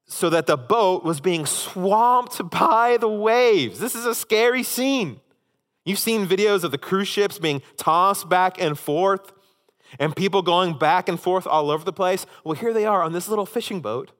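Pastor guy preaching, fairly high voice, animated and emphatic, long hall echo. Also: normal speed. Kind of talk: sermon.

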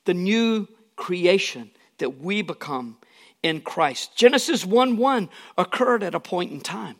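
A pastor preaches with a slightly higher-than-average voice that's somewhat bright, gravel-edged and expressive, taking his time. He's earnest and emphatic, leaning hard on key lines and stopping now and then for casual asides.

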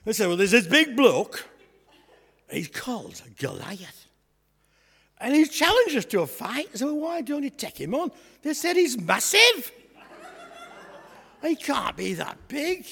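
A man playing a boastful, comic young shepherd lad, chatting and joking with a church congregation in a raspy voice. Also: very high-pitched, fairly bright tone, exaggerated voice. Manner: chatty, jokey, asides to the congregation. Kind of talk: comic storytelling sketch in church. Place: church hall. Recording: echoey church hall.

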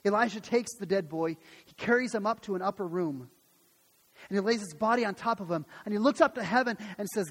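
A pastor preaching a sermon and retelling a Bible story, acting out the voices of its people in a lively way. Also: male voice, sits high, a little fast, slightly rough, in a large hall. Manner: animated storytelling, acts out voices.

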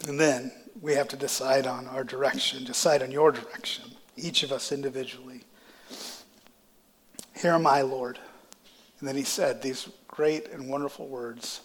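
A man's voice: medium pitch, fairly even intonation, moderate pace, hardly any pauses, fairly bright tone, slightly rough, in a large hall. A male pastor delivering a sermon with a congested, stuffy voice, building to impassioned climaxes. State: congested sinuses. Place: church sanctuary.

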